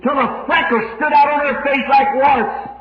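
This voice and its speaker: A man preaching a sermon, telling stories dramatically and swinging from hushed to shouting. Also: very high voice, fairly even intonation, moderate pace, noisy background. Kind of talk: sermon storytelling. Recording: old echoey lo-fi sermon tape.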